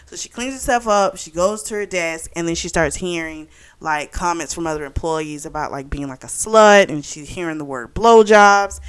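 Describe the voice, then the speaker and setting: A woman's voice: fairly low pitch, fairly bright tone, clean tone. A young woman recapping a novel for her book club channel, talking casually with lots of "like" and "you know". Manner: chatty, full of "like" and "you know".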